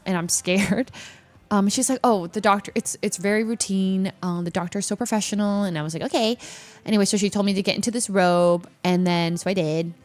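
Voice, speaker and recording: A young woman telling a story in casual chat, acting out quotes with sudden squeaky high notes. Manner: animated, acts out quotes with sudden squeaky highs. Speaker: streamer.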